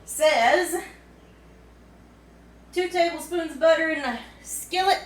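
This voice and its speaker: A woman's voice: very high-pitched, slow, a little hiss or hum, low-quality recording. A woman with a Kentucky accent, chatting and giggling casually as she cooks in her home kitchen for a cooking vlog. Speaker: cooking vlogger.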